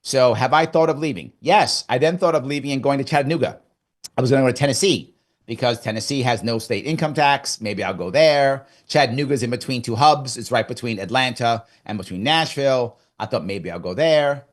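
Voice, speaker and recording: A middle-aged man from New York, a guest in a casual interview, telling his story in an animated way and acting out his own past thoughts. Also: mid-range voice, fairly quick. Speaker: guest, former governor candidate.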